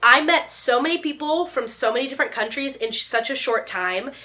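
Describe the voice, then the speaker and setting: Woman, 30s, vlogger, casual chit-chat, bright tone, playful asides. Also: sits high, brisk. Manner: chatty, animated, jokey asides and playful put-on voices.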